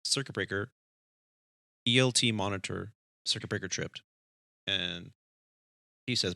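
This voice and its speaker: A man's voice: on the low side, brisk, creaky, pauses often, no room sound, clean studio sound. A man co-hosting an aviation podcast, telling a cockpit story in casual chat and acting out the voices in it. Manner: animated storyteller, acts out dialogue in his story. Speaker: airline pilot podcast host.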